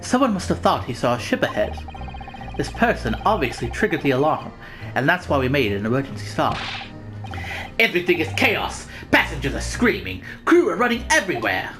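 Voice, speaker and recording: A woman voicing a formal, polite male inspector, measured and apologetic. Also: low-pitched, sing-song, music in the background.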